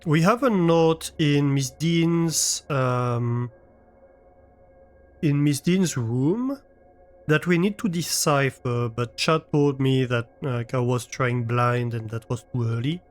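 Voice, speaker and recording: Streaming a game from his own room at home, a man chats casually with viewers and thinks aloud as he plays. He speaks slowly at a medium pitch, with soft music in the background.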